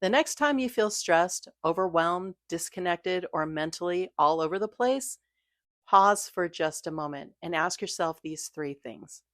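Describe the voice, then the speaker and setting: A woman giving a gentle, reassuring scripted talk about mindfulness, coaching her listeners. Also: on the low side, measured pace, no room sound, clean studio sound. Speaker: mindfulness creator.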